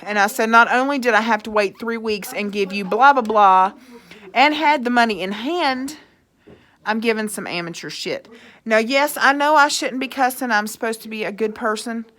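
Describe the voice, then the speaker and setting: A woman's voice: a little high, normal speed, fairly bright tone. A woman, ranting angrily in a vlog, swearing and sarcastic as she reads out her own texts. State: angry. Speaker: vlogger. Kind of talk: angry rant reading out texts.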